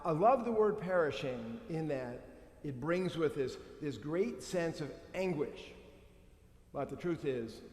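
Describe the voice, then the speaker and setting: Guy preaching a sermon, a bit high-pitched, playful, lots of echo and long reverb from the church. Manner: playful, acts out quoted lines. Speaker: priest. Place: church sanctuary.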